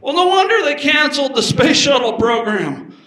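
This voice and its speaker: Guy doing standup, high bright voice, punchy storytelling, echoey room. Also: very animated. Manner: storytelling with punchy delivery and quick voice changes for characters. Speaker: stand-up comedian. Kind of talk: stand-up comedy routine.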